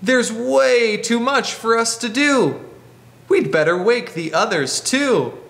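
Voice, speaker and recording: A man voicing a helpful male porcupine who tires out, speaking in slow rhymes in a picture book. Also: very high-pitched, lively intonation, vocal fry, a bit bright, in a large hall, exaggerated voice.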